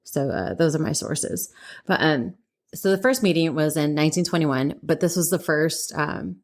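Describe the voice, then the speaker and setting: Low-voiced woman, rambling podcast chat. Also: normal speed. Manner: rambling, self-correcting, laughs often. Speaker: podcast co-host. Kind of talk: casual chat.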